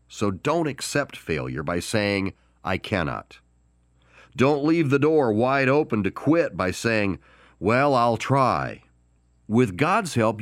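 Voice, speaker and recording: A man hosting a Christian podcast, delivering an encouraging devotional talk with deliberate pauses and emphatic stress on key words. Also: mid-range voice, no room sound, clean studio sound. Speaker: podcast host.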